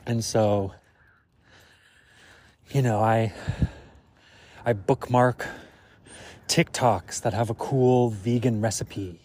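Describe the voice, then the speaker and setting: A man's voice: lowish voice, steady tone, slow pace, long pauses, darkish tone, dry recording. A man hosting a podcast alone, recorded outdoors while on a walk. He muses and thinks aloud in a reflective monologue, full of fillers. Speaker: podcast host.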